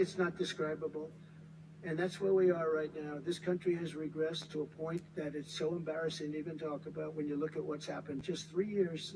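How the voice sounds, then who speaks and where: A man's voice: a little high, background noise. An American man in his seventies giving a rambling, repetitive, emphatic campaign rally speech from a podium. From United States. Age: 70s. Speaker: politician.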